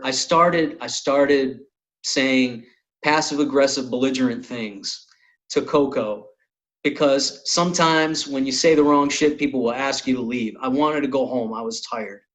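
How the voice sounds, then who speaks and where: A man's voice: mid-range voice, unhurried. A man hosting a podcast, telling a long comic anecdote in casual, profane chat. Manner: animated, swearing anecdote teller. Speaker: podcast host and comedian.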